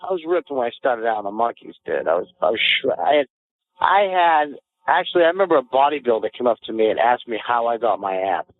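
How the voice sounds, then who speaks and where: A man co-hosting a podcast, telling boastful stories in animated, casual banter and quick to get riled. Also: mid-range voice. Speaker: podcast co-host. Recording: phone-like lo-fi audio.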